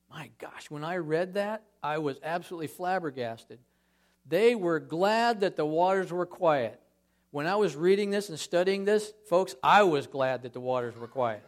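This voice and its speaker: Man, guest preacher, chatty sermon, lively ups and downs, church. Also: a little high, normal speed. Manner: conversational, animated, acts out scripture scenes. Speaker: guest speaker.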